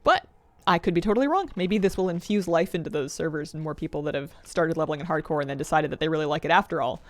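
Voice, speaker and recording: A woman's voice: deep voice, fast talker. A woman streamer chatting casually while playing, thinking aloud and laughing often. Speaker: game streamer. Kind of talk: casual gameplay commentary.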